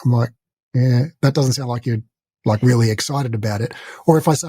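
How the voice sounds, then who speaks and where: Brisk and mellow, this man's mid-range voice has a husky edge and no room sound around it. He's a podcast co-host in casual conversation, rambling, chatty and leaning on lots of fillers.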